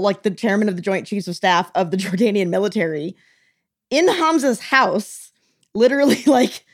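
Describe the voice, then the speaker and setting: A woman of ordinary pitch chatting on a podcast. She tells the story in an animated way, laughing and slipping into the voices she quotes. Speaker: podcast co-host. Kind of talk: casual podcast chat.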